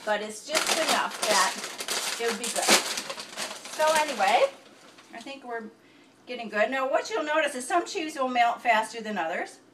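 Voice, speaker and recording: A chatty, rambling woman with a fairly high voice walks through a home cooking demo in her kitchen. She sits back from the mic, and a steady background noise runs under her talk. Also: moderate pace, distant mic. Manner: chatty, rambling, self-deprecating. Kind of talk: casual cooking demonstration.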